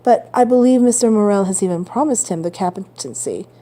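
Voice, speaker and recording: A woman's voice: mid-range voice, fairly quick, warm tone, lightly acted. A woman voicing a sly, grudging young male tailor who needles his neighbor in a storybook reading.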